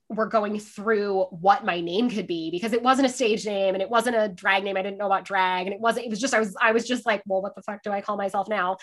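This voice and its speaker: A woman guest who performs in drag, chatting casually in an interview with lively, swearing storytelling. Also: mid-range voice. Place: sitting by a window, on a video call.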